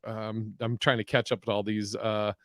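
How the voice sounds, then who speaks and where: A man's voice: on the low side, level tone, moderate pace, fairly bright tone, dry recording, studio quality. Profane, rambling man on a podcast. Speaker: podcast co-host. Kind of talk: casual live-stream chat reading comments.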